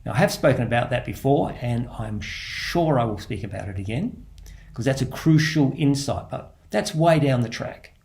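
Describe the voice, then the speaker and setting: Aussie priest musing on prayer, gravelly voice, soft and repetitive, lots of restarts. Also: male voice, medium pitch, lively intonation, normal speed. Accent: Australian. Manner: gentle, repeats phrases, thinks aloud with restarts. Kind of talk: spoken reflection on prayer.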